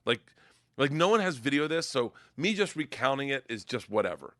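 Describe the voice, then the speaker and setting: A man's voice: mid-range voice, very animated, fairly quick, no room sound, clean studio sound. Rowdy, profane male comedian telling stories. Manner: profane, rowdy storyteller who acts out voices loudly. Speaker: comedian guest. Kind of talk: storytelling in casual chat.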